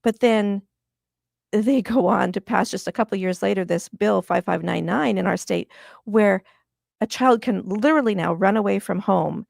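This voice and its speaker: Woman, middle-aged, from Washington State, gravelly, impassioned, interview guest. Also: mid-range voice, normal speed, a little mellow, dry recording, studio quality. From Washington State, USA. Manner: earnest and impassioned, voice catching with emotion.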